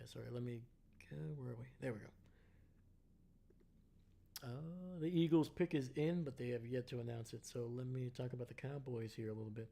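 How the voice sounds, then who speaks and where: A man's voice: medium pitch, dark tone. Tired man rambling through live commentary. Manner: rambling, self-correcting, talks to chat. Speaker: live draft reaction streamer. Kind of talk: casual live-stream commentary.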